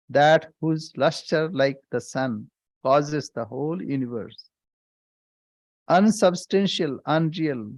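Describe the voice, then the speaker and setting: A male swami with a somewhat high, darkish voice leads a scripture class at an unhurried, measured pace, deliberately repeating lines for emphasis. Between explanations he breaks into chanted verses. The recording is dry and close, with almost no room sound.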